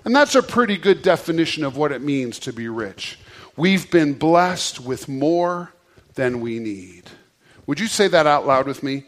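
A pastor preaching a conversational sermon, leading his congregation to repeat phrases and often restarting words. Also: a little high.

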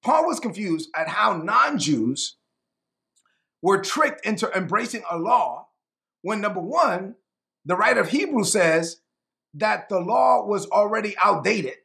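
A male preacher delivers a sermon to camera, animated and conversational, frequently repeating himself for emphasis. His voice is high-pitched and creaky, and he takes his time.

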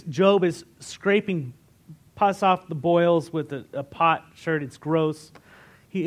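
A man preaching a sermon in a conversational way, asking the congregation questions and retelling scripture in everyday words. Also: on the high side. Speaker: pastor.

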